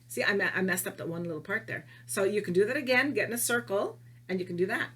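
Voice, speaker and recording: A woman's voice: mid-range voice, lively intonation, quick pace, fairly bright tone, husky. A middle-aged woman teacher giving a playful video lesson to young children, laughing often and reading tongue twisters in a sing-song way.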